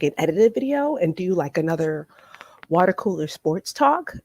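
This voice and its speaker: A woman's voice: deep voice, darkish tone, slightly rough. A woman hosting a casual live stream, chatting to her viewers with lots of "um" and "like", a cough drop in her mouth. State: talking around a cough drop. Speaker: vlogger host.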